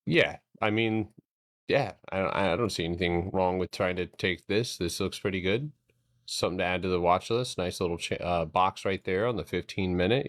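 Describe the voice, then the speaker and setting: A man's voice: deep voice, no room sound, studio quality. A man casually chatting through chart setups on a live stream, joking around and swearing freely as he thinks aloud. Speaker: stock trading streamer.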